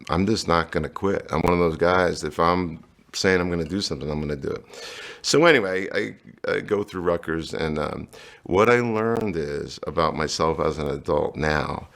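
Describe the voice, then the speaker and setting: A middle-aged man with a low, gravelly voice tells his life story. He speaks candidly and slips into the voices of the people he quotes. He comes from New Jersey. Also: a bit bright. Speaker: guest.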